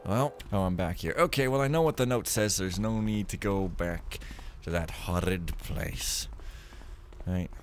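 A man's voice: sits low, unhurried, soft background music. A man giving chatty, jokey commentary while playing a game, full of wandering asides. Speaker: gaming video host. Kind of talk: let's play commentary.

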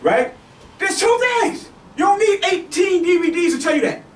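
Male self-defense instructor, very high voice, repetitive check-ins while demonstrating; echoey space, distant mic. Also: expressive, normal speed, a little hiss or hum. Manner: repetitive, checks in with "okay?" and "right?"; demonstrating moves on a partner. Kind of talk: teaching demonstration. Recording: echoey room, mic far off.

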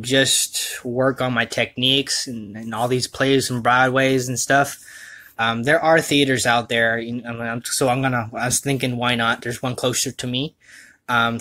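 Bright-voiced man, rambling casual vlog. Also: medium pitch. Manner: rambling, self-mocking, quick to laugh. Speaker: vlogger and voice dubber. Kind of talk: rambling casual livestream chat.

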